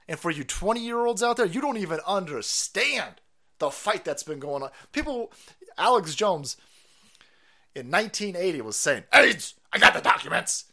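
Guy streaming, cussing up a storm, high voice swinging all over, bright. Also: big pitch swings, normal speed. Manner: foul-mouthed, ranting, incredulous. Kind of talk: profane conspiracy rant.

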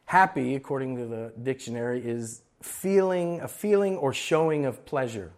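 A man preaching a sermon to a church congregation, animated and conversational, acting out quoted voices as he tells stories. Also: medium pitch, moderate pace. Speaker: pastor.

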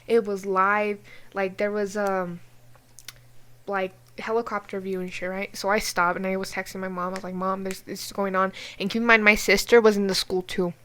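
A young woman from New Mexico co-hosting a podcast, telling a story in a casual, animated way with lots of swearing and filler words. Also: mid-range voice, moderate pace. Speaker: podcast co-host.

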